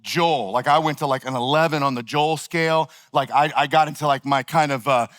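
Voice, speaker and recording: A man preaching a sermon, telling a personal story in a casual, animated way with lots of filler words. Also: on the high side, fairly quick. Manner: animated, conversational, heavy use of "like". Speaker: pastor.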